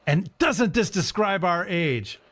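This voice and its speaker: A man's voice: high voice, expressive, slow, fairly bright tone. A man co-hosting a casual discussion, reading verse passages aloud with rising emphasis. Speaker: podcast co-host, priest.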